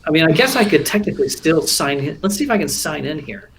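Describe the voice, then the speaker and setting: A man co-hosting a casual livestream chat from home, joking around with quick asides. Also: fairly high pitch, animated, a bit bright, a little hiss or hum. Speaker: co-host.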